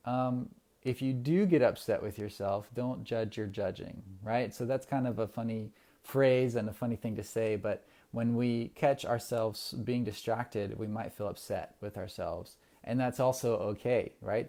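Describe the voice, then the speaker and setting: Male mindfulness instructor, low mellow voice, gentle and unhurried, casual with filler words. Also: creaky. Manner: relaxed, gentle, many ums and restarts. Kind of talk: casual livestream meditation guidance.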